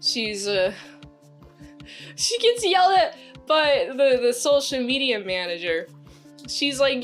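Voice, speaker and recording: A woman's voice: high voice, sing-song, slow pace, long pauses, faint music behind. A young woman giving a casual, enthusiastic spoken review of a TV episode, rambling with lots of fillers and restarts. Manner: rambling, filler-heavy recap with frequent restarts; enthusiastic, talks back to the characters. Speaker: series reviewer.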